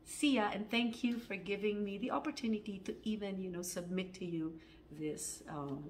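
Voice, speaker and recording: Woman, casual storytelling, animated, lots of fillers. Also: mid-range voice, normal speed, slight background noise. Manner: animated, acts out quotes with many fillers. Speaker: actor auditioning.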